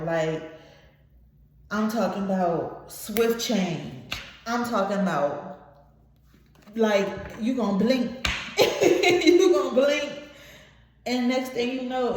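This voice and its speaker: A woman's voice: mid-range voice, a little mellow. A woman giving a casual tarot reading to her viewers, emotional and blunt, swearing freely. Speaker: tarot reader. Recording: very echoey room.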